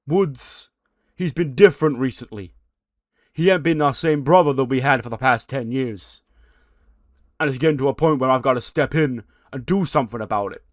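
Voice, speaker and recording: A man voicing a fired-up male wrestler, talking loud, emphatic and agitated. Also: medium pitch, dry recording, studio quality, pitched above the performer's own voice, natural voice. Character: fired-up adult male wrestler scolding a friend.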